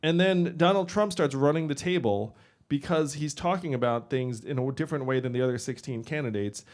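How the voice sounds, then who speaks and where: A man in his forties giving a casual, conversational campaign speech to a live audience, with quick asides and laughs. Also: mid-range voice. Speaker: political candidate speaking to a crowd. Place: event venue with a live audience.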